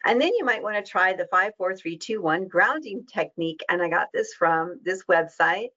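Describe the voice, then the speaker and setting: A woman giving a webinar in a warm, reassuring and conversational way, with casual asides. Her voice sits a little low. The audio is dull and muffled. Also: animated. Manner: conversational with fillers and quick asides. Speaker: diabetes educator leading a webinar. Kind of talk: webinar presentation.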